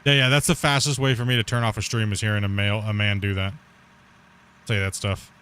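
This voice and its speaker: A man's voice: fairly low pitch, little pitch movement, a little fast, pushed and bright, smooth. A man chatting casually while streaming a game, rambling, repeating himself and laughing easily. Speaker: gaming streamer. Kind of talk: casual chat while playing.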